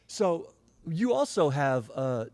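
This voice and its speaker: A man's voice: fairly high pitch, very animated, slow, a little mellow. A man hosting a casual podcast, joking and playful as he talks with his guest. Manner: joking, playful, laughs often. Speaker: podcast host. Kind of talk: casual chat.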